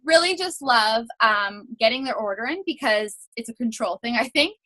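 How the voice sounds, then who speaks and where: Young woman team leader, casual coaching talk; bright and a bit high, chatty, acts out example messages. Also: lively intonation, moderate pace. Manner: chatty, many fillers, acts out quoted messages.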